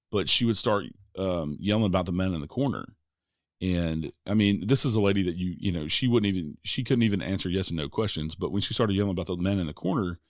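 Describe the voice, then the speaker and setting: Deep-voiced man in relaxed podcast chat. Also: dry recording, studio quality. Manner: relaxed, chatty, with many "like"s and "uh"s. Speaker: podcast host. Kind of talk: casual podcast conversation.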